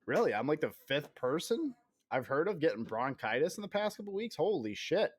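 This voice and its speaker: A man in his thirties with a slightly high, breathy voice talks briskly and very animatedly on a casual game stream. Rambling and profane, he jokes at his own expense and occasionally coughs while recovering from an illness.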